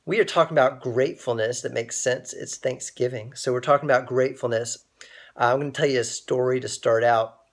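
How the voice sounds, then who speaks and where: A man's voice: mid-range voice, steady tone, brisk. A young man hosting a casual inspirational livestream, telling a personal story and greeting viewers by name as they join. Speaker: livestream host.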